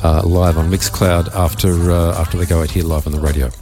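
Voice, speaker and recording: An Australian man hosting a radio show in a studio, chatting casually with a croaky voice and a rambling, offhand manner. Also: low voice, little pitch movement, fairly quick, dark tone, faint music behind. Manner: rambling, offhand, self-mocking. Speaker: radio DJ host.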